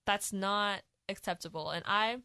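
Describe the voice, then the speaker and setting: A woman's voice: mid-range voice, unhurried, bright, forceful tone, clear, resonant tone, dry recording, studio quality. A teenage girl co-hosting a student radio talk show, chatting in a rambling way and laughing often. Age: teens. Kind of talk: casual chat.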